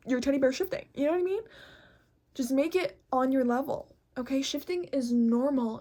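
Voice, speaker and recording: High pitched woman vlogging, swears nonstop, super blunt and animated. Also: brisk. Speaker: host. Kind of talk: casual vlog chat.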